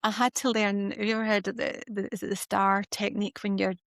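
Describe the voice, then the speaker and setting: Scottish woman, animated podcast storyteller. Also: medium pitch, quick pace, vocal fry, no room sound, clean studio sound. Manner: animated storyteller who acts out quoted dialogue. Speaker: podcast host. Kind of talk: casual chat.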